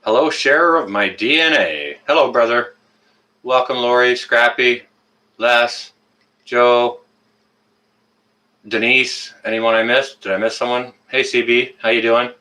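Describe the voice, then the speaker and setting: A man's voice: mid-range voice, unhurried, long pauses, bright, forceful tone. A man with a Canadian accent hosting a casual live-stream chat on a webcam and greeting viewers one by one by name. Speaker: livestream host.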